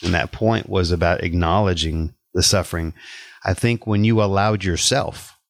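Deep-voiced reflective male host. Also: moderate pace, vocal fry, dry recording, clean studio sound. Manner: reflective, affirming. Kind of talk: faith-based conversation.

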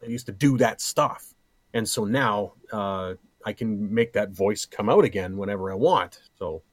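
A man's voice: on the low side, normal speed, no room sound. A middle-aged man in a casual podcast chat, joking around and rambling with a playful manner. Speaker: podcast co-host.

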